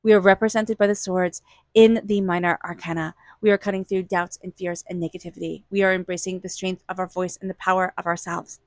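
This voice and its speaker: A woman's voice: on the low side, little pitch movement, brisk, dry recording. A woman giving a casual tarot reading to her viewers, gushing and talking loosely with lots of "you know" and "like.". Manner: gushing, lots of "you know" and "like", slips into playful voices for quotes. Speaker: tarot reader. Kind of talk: intuitive tarot reading vlog.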